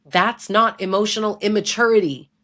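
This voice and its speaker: A woman's voice: medium pitch, fairly even intonation, moderate pace, a bit bright. A woman giving blunt, emphatic advice straight to the listener, conversational and often checking in with "right?". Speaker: relationship abuse educator. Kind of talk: direct-to-camera advice talk.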